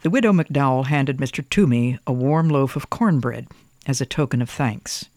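A storyteller reading a picture book aloud in a gentle, expressive way. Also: mid-range voice, normal speed, dry recording.

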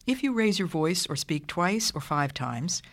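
A radio Bible teacher giving parenting advice in a firm, measured, deliberate way, sometimes dropping to a whisper. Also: medium pitch, big pitch swings, fairly bright tone. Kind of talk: scripted radio talk, teaching.

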